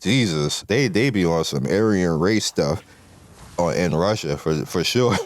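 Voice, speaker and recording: Deep-voiced rambling American man. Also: expressive, measured pace. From United States. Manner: rambling, with many fillers and restarts, laughing often. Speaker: gaming video creator. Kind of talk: casual gaming commentary.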